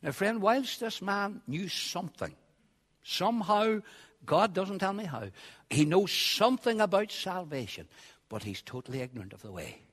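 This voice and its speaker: A man preaching a sermon, swinging from quiet asides to loud, shouted passages. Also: sits high, big pitch swings, normal speed. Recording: long hall reverb.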